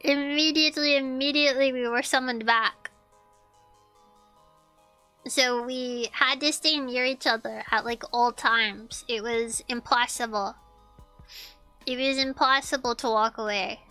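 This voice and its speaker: A young woman streamer telling a story in casual chat, animated, swearing and repeating her lines. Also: high-pitched, measured pace, long pauses, clean tone, soft background music.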